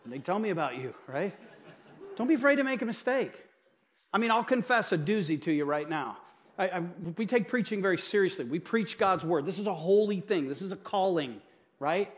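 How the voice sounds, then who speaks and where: A man's voice: high voice, expressive, fairly quick. A middle-aged male pastor preaching from a church stage, telling stories about his own mistakes in a chatty, self-deprecating way with frequent asides to the congregation. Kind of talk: sermon.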